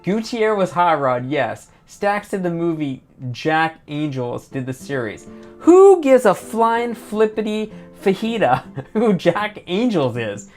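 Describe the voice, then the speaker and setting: A woman with a low voice chats casually while playing a game, rambling and breaking into laughs. Faint guitar music plays under her. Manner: rambling, excitable, laughs often. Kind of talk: casual let's-play commentary and dialogue reading.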